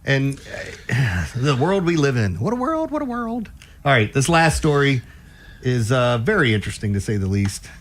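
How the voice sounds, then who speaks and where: A man's voice: mid-range voice, sing-song, moderate pace. A man hosting a sports talk radio show, riffing casually and laughing often.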